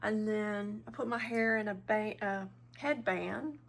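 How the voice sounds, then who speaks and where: Slow, rambling woman vlogging at home. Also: medium pitch, creaky, slight background noise. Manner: rambling, chatty, trails off and restarts. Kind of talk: casual home vlog. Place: living room at home.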